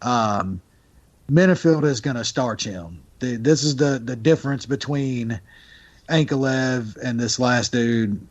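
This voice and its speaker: A man's voice: mid-range voice, unhurried. A man co-hosting a podcast, talking bets in a blunt, profane, emphatic way. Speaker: podcast co-host. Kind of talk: casual sports betting chat. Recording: dull lo-fi sound.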